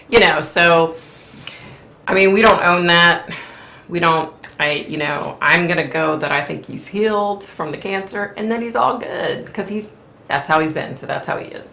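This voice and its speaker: Low gravelly woman chatting in echoey room. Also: unhurried, pushed and bright, slight background noise. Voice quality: mentions losing her voice, clears throat often. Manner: chatty, opinionated, frequent fillers. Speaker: host. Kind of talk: casual live-stream chat.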